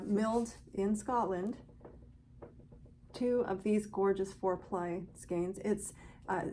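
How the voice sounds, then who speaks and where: A woman's voice: medium pitch, a little mellow, slight background noise. A woman hosting a knitting podcast, chatting casually to viewers in a gushing, grateful way.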